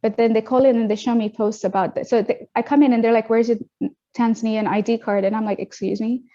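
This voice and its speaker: A young adult woman from Australia, a guest telling her story in a casual interview, animated and quick, acting out what others said. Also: a little high. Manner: animated, quick retelling with acted-out quotes. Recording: dull lo-fi audio.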